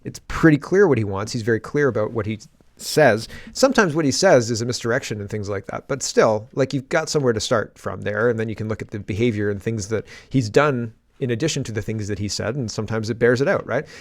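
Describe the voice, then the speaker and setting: A man's voice: on the low side, fast, dry recording, clean studio sound. A man hosting a political commentary show, talking in a rambling, sarcastic monologue with frequent laughs.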